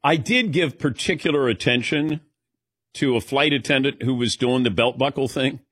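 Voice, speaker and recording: A man's voice: medium pitch, normal speed, husky. A man hosting a radio talk show, chatting casually and animatedly with his co-hosts and calling on them by name. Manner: animated, calls on co-hosts by name, breaks into laughs. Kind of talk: casual studio banter.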